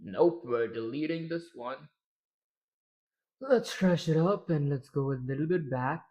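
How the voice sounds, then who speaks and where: A man's voice: a little high, lively intonation, a little slow, mellow. A man hosting a programming livestream, chatting casually, narrating his own steps and answering questions from the chat. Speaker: livestream host.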